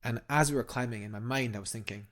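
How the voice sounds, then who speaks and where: A man's voice: medium pitch, fast talker, a bit bright. A young man, a guest climber, telling a story eagerly in a casual interview, rambling with fillers and restarts.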